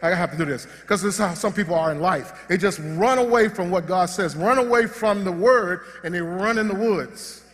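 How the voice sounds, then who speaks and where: A man preaching a sermon in a church hall, his voice sitting high for a man. He talks in an animated, joking way and often restarts his sentences. Long reverb rings out behind his words. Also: moderate pace, few pauses. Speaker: pastor.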